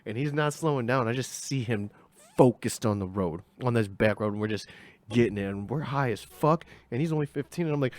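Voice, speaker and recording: A man's voice: mid-range voice, brisk, a little mellow, dry recording. A young man telling a casual story, rambling and slangy, acting out the people in it. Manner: rambling, slangy, acts out voices.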